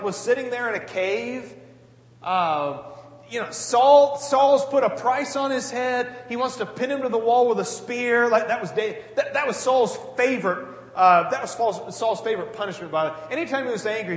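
Animated man preaching in an echoey hall. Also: extremely high pitch. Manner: earnest, animated, many casual asides. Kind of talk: conversational sermon. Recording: echoey hall with long reverb.

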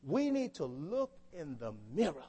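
A man's voice: a little high, big pitch swings, a little slow, mellow, breathy edge. A man preaching a sermon to a congregation, often asking them questions to draw them in. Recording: long hall reverb.

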